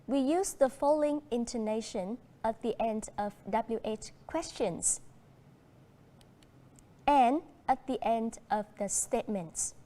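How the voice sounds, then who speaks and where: Vietnamese lady teacher, kinda high voice, talks slow and encouraging to little kids. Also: warm tone. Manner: slow, encouraging classroom delivery. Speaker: primary school English teacher. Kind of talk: classroom lesson in English and Vietnamese.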